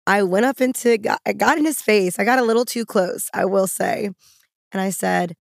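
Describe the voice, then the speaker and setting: A young woman from New Orleans, a podcast guest telling stories in an excitable, animated way. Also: mid-range voice, moderate pace, creaky, no room sound, clean studio sound. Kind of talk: casual chat.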